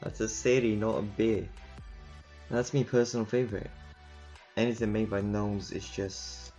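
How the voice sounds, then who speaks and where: A man plays a game and talks about it in a rambling, casual way, often laughing, his voice fairly low, steady, and warm at normal speed. It's a dull lo-fi recording with game music in the background.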